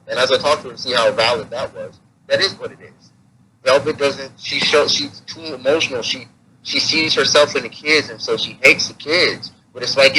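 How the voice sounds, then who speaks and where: A man's voice: medium pitch, steady tone, moderate pace, bright, forceful tone. A man speaking candidly as an interview guest, talking in a casual, repetitive way that turns heated at points. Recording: noisy with hum.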